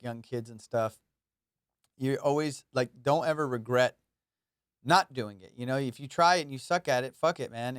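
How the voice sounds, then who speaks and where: A man's voice: mid-range voice, clear, resonant tone, no echo, studio quality. A young adult man chatting casually on his own solo comedy podcast, rambling, playful and self-mocking, swearing freely.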